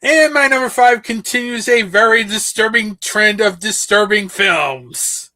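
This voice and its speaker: Male horror podcast host, higher voice, unhurried, keen on his picks. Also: sharp tone. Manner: enthusiastic, repeats "literally". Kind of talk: casual chat.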